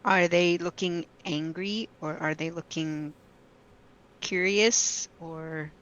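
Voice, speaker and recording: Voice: medium pitch, steady tone, slow pace, fairly bright tone, clear, resonant tone. A tabletop player in casual game chat, teasing and playful. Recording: dull lo-fi mic.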